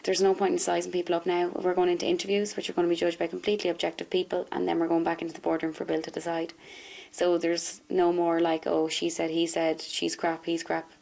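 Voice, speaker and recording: A woman's voice: on the low side, completely flat delivery, fast, gravelly, a little mellow, a little hiss or hum, low-quality recording. A young woman on a reality show, thinking aloud in casual chat.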